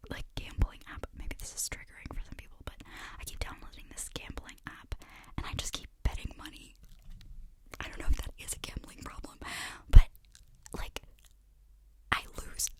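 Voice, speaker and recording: Brief: young woman ASMR host, whispered role-play throughout, chatty and self-mocking, loose and rambling. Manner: rambling, self-deprecating, full of "like".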